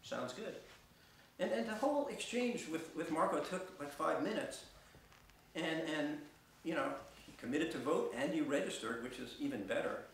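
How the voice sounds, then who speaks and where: A man's voice: on the high side, expressive. Middle-aged guy telling a story onstage, lots of restarts, faint hum behind, sounds far from the mic. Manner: halting, many restarts and filler words. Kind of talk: personal storytelling on stage. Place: theater stage. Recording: echoey theater from far off.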